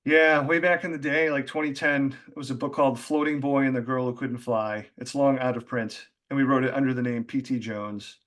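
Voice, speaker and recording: Male author guest, mid-pitch, casual rambling talker with fillers. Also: steady tone, a little fast, few pauses, a bit bright. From Boston area. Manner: rambling, chatty, many fillers and laughs. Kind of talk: casual conversation.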